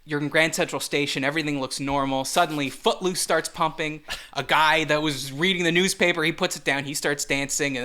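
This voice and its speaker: A man co-hosting a comedic podcast, talking casually and jokingly, with sudden loud, excited bursts. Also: a little high, brisk, hardly any pauses. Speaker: podcast co-host.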